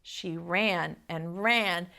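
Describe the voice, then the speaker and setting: A young adult woman, a preschool teacher, reading a picture book aloud to small children with an animated, expressive manner. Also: on the low side, drawn-out words, vocal fry.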